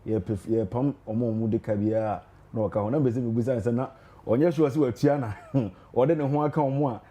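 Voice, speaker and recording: A man's voice: medium pitch, a little fast, dark tone. A man with a Ghanaian accent, a campaign member on a talk show, teasing his opponents and laughing as he mixes Twi and English. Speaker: party campaign member, guest. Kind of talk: political debate talk.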